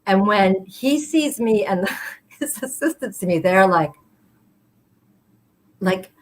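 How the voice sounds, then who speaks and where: A woman spinning a personal story for a live storytelling show. She talks in a loose, chatty way, full of fillers, and jumps into the voices of the people she quotes. Her pitch sits in an ordinary middle range. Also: animated, takes it slowly.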